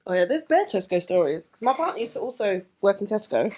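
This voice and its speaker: A woman co-hosting a podcast in casual chat, expressive and acting out quotes. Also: mid-range voice, fast talker. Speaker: podcast co-host.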